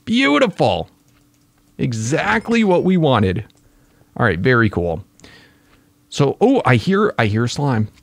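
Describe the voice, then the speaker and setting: A man narrating his own game play as he goes, an excitable gamer who exclaims at the creatures he finds. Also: medium pitch, slow, creaky, pauses often, no echo. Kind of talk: casual gaming commentary.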